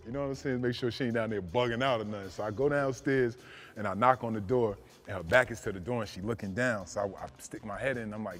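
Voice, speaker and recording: A man from New Jersey, a former NBA player, telling a story in casual, animated talk, often saying "you know what I'm saying". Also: fairly low pitch, quick pace, faint music behind.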